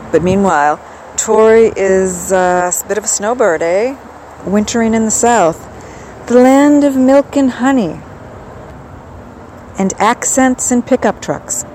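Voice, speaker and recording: A woman's voice: fairly low pitch, darkish tone, a little hiss or hum, low-quality recording. A woman hosting a podcast, talking in a chatty, wry and rambling way. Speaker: podcast host. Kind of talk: casual solo podcast chat.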